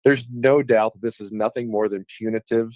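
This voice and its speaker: A man's voice: fairly low pitch, fairly even intonation, brisk, darkish tone, no echo, low-quality recording. A man from Alaska, a state legislator talking on a radio show, speaking heatedly and emphatically about his frustration. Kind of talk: radio talk show conversation.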